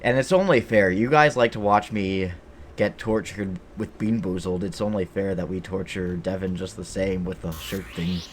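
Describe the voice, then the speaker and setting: A man's voice: sits low, fairly even intonation, normal speed, slight background noise. A man chatting casually with his live-stream viewers while playing a game, rambling and joking with the chat.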